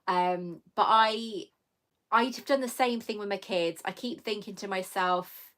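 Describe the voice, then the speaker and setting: A woman's voice: medium pitch, a little slow, fairly bright tone. Chatty woman on a live stream. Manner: chatty and self-mocking, reading comments aloud, laughing often. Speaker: YouTuber answering live chat. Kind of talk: casual live-stream chat.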